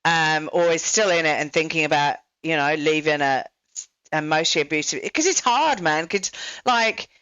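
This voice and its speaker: A woman's voice: low-pitched, normal speed, fairly bright tone, clear, resonant tone, dry recording, dull audio. A woman hosting a podcast, chatting casually and filling her talk with "you know" and "like". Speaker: podcast host. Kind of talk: casual interview chat.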